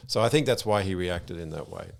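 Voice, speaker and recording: Low-voiced Australian man telling stories. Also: brisk, gravelly. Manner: relaxed, frank, swears casually, many restarts. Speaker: podcast co-host. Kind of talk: casual conversational storytelling.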